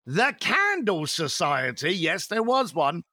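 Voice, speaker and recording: A man's voice: sits high, big pitch swings, takes it slowly, sharp tone, no room sound, clean studio sound. A man in his fifties, a podcast guest telling stories in a blunt, swearing, rant-like way. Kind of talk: podcast interview.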